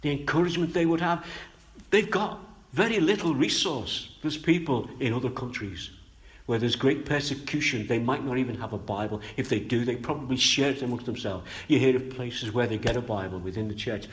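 A man preaching a sermon, swinging between loud emphatic bursts and quiet low asides, and stretching out key phrases. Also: a little fast.

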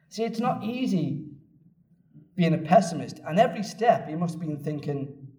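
A man preaching a sermon, telling the story in a lively way and repeating phrases for emphasis. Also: a little high, moderate pace. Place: church. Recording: echoey church room from a distance.

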